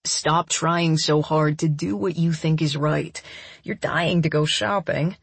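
A confident, generous man, put on by a woman reading aloud speaks in a calm, low, playfully insistent way. His tone is slightly husky and sits on the lower side. The sound is close and dry, with no room around it. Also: slow pace, no room sound, heavily acted. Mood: teasing.

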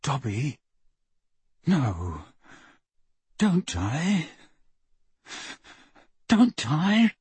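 A man voicing Harry, an anguished breathy teenage wizard. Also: medium pitch, big pitch swings, unhurried, dry recording, voice pushed up, exaggerated voice. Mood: desperate. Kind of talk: audiobook character voice.

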